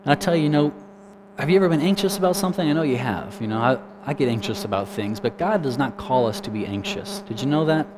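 A man's voice: medium pitch, animated, fast talker, few pauses, heavy background noise. A man giving a conversational sermon. He keeps asking his listeners questions and adds lots of casual asides. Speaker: preacher. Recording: music playing clearly behind.

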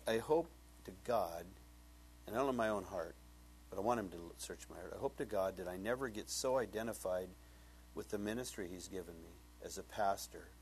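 A man preaching as a pastor, telling a personal story with lively acted-out dialogue that swings up high when he gets excited. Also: breathy edge. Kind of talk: sermon with storytelling.

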